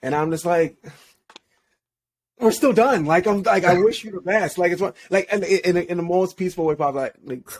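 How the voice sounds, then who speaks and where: A man's voice: sits high, fast, few pauses, slight background noise. A young man, a podcast guest, telling a personal story in casual slangy talk. He laughs often and restarts his sentences. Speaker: podcast guest, relationship coach.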